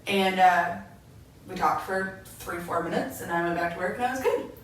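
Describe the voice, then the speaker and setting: Animated woman chatting in an echoey room. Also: lowish voice, normal speed. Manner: animated storyteller, quotes herself. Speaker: podcast co-host. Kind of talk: casual chat. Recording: echoey room, mic far off, faint noise.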